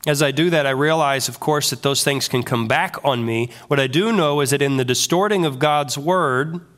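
Guy preaching a sermon, fairly high voice, lots of rhetorical questions. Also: moderate pace. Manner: animated, full of rhetorical questions. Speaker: pastor.

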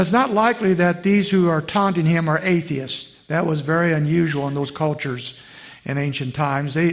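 In a conversational sermon, a male pastor puts questions to his congregation, and his voice drops low and quiet on the emotional phrases.

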